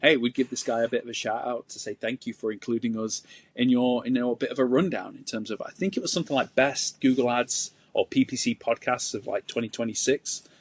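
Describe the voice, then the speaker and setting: British co-host, mid-pitched male voice, relaxed and chatty with lots of fillers. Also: fairly quick, slightly rough. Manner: rambling, filler-heavy, friendly. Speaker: podcast co-host. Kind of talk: casual podcast chat.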